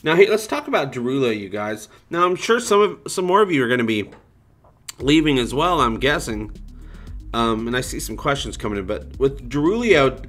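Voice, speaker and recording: A man's voice: medium pitch, big pitch swings, normal speed, fairly bright tone, faint music behind. Man hosting a rambling livestream chat. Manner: rambling, joking, loose. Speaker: livestream host. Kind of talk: casual livestream chat reading viewer comments.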